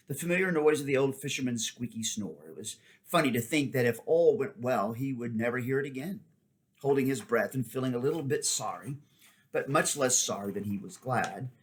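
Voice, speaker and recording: A man narrating a storybook at a measured pace, now and then correcting himself as he reads. His voice is at an ordinary middle pitch for a man. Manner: measured, with occasional slips and restarts. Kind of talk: audiobook reading.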